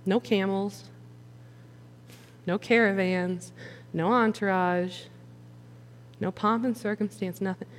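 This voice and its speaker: A woman preaching a sermon in an animated, joking, conversational way. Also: mid-range voice, slow, pauses often, slight background noise. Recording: long hall reverb.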